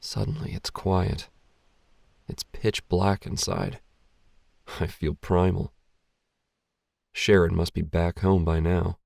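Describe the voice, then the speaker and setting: Male narrator, low gravelly voice, unhurried, wry self-mocking delivery, dry close recording. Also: little pitch movement, a little mellow, dry recording. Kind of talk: first-person short story reading.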